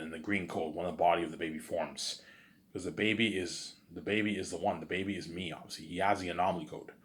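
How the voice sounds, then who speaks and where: A very deep-voiced man spins a story off the cuff, stumbling over his words and restarting sentences. He keeps asking whether you follow him, and his low voice carries the whole tale. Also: fairly bright tone. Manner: rambling, restarts often, keeps repeating "you know what I'm saying". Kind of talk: casual rambling retelling of an imagined film scene.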